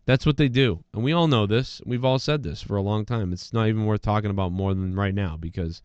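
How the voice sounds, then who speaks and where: A man's voice: fairly low pitch, brisk, a little mellow, clean tone, no echo, dull audio. A man hosting a podcast, talking in a casual, rambling and profane way while congested from allergies. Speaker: podcast host. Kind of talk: casual solo rant.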